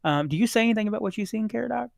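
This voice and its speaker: A man narrating as dungeon master of a tabletop game, halting, with many fillers. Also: high-pitched, gravelly, no echo, clean studio sound. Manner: relaxed, halting, many fillers, voices characters lightly.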